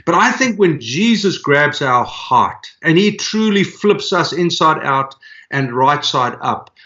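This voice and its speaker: A man's voice: fairly high pitch, very animated, slow pace, sharp tone, muffled recording. Earnest South African man telling stories. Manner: earnest, anecdotal, frequent fillers. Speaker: podcast guest, church planter. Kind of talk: conversational storytelling.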